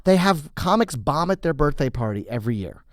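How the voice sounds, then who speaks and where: A man's voice: on the high side, fairly quick, no echo. A man, a comedian guest, telling stories in a casual chat and slipping into character voices, recorded in a podcast studio. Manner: animated storyteller, jumps into character voices.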